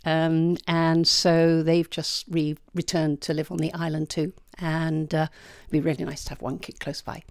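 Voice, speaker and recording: A woman's voice: low-pitched, little pitch movement, moderate pace, no echo, clean studio sound. An older woman with a British accent, a retired physician telling her life story in a casual interview. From United Kingdom. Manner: chatty, candid storyteller.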